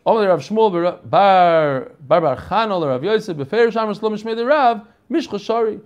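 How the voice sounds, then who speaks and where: High-voiced man teaching a Talmud class. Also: lively intonation, moderate pace, highs cut off. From United States. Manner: reads Aramaic text in a singsong, then explains it in casual English; informal, chatty asides to the class.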